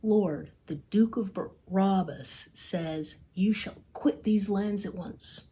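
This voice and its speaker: A woman voicing a clever, smooth-talking male cat who persuades in a hushed, sly way, with a husky, slow delivery. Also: mid-range voice. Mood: scheming.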